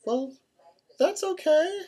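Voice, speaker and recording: A man mimicking his chatty middle-aged mother in a high, fussy falsetto. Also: slow, mellow.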